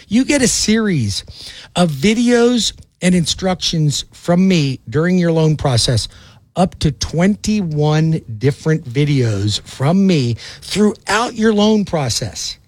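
A folksy man delivers a pushy, rapid-fire sales pitch for his loan business. His voice sits a little high. The sound is dry and close, with no room around it. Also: darkish tone, no echo. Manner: brash, folksy and rapid-fire, acting out little phone calls. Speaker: loan officer. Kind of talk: direct-to-camera sales pitch.

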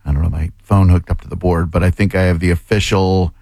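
A man's voice: low voice, little pitch movement, fast, gravelly, dark tone, no echo. A man hosting a radio show, joking around and announcing a contest keyword in casual banter from a radio studio. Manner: playful, makes goofy beeping sounds.

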